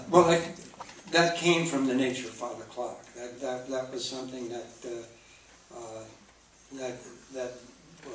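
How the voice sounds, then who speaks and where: A man's voice: mid-range voice, a bit bright, slight background noise. An older actor speaking as a guest in an on-stage Q&A, reminiscing and restarting his sentences often. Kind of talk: on-stage Q&A with a film audience. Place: theater stage before an audience. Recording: echoey hall, mic from far off.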